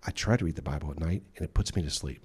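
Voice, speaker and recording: A man's voice: a bass voice, rapid-fire, a little mellow, slightly rough. A male pastor delivering a sermon with emphatic delivery, acting out the voices he quotes. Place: church.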